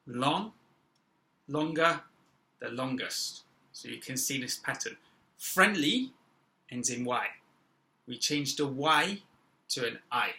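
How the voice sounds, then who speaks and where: Slow, bright-voiced male teacher. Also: medium pitch, rough recording. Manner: slow, deliberate, stressing example words. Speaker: English teacher. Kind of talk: classroom-style grammar lesson.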